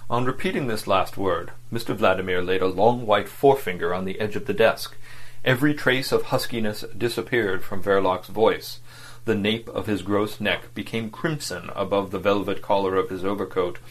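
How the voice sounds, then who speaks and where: A man narrating a novel as an audiobook reader, in a measured storytelling manner. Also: on the low side, low-quality recording.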